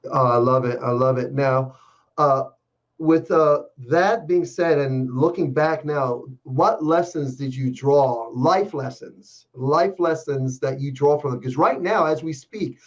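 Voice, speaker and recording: A man's voice: mid-range voice, unhurried, highs cut off. A man hosting an interview, enthusiastic and affirming as he poses questions. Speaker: interview host. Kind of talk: casual video-call interview.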